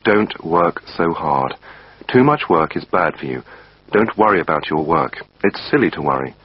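A man voicing a calm male doctor who gives advice in a steady, reassuring way, reading a textbook dialogue. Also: rumbling low, moderate pace, breathy edge, no room sound, full character voice. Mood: advising. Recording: dull lo-fi recording.

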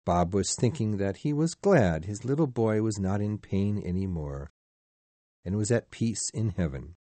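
A man narrating a storybook in a slow, measured, expressive way. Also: lowish voice, dry recording. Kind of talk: storybook reading.

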